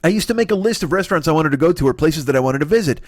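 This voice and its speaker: A male comedian tears into his subject in a profane, exasperated rant, his pitch swinging wildly up and down. His voice sits high for a man, and the sound is close and dry with no room echo. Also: expressive, rapid-fire. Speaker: comedian host.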